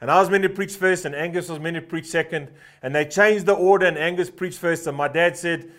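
Pastor guy, 50s, kinda high voice, preaching hard, lots of uh's and repeating the same line over n over. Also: brisk, fairly bright tone. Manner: fervent, repeats a short refrain for emphasis; storytelling with frequent "uh" fillers. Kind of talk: sermon.

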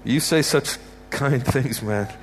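A man's voice: medium pitch, takes it slowly. A man from Canada preaching a heartfelt sermon, repeating his points with emphasis and pronouncing blessings over a church congregation. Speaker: guest preacher. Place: church sanctuary.

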